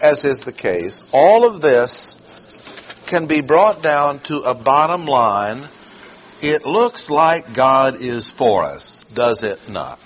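A man's voice: medium pitch, fairly bright tone, slight background noise, low-quality recording. A man preaching a sermon, teaching through a passage with rhetorical questions and repeated key phrases.

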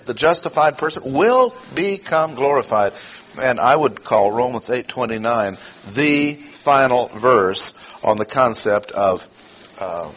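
A man's voice: fairly low pitch, fairly bright tone, husky, low-quality recording. Emphatic man preaching a teaching sermon. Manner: emphatic teaching with rhetorical questions and repetition.

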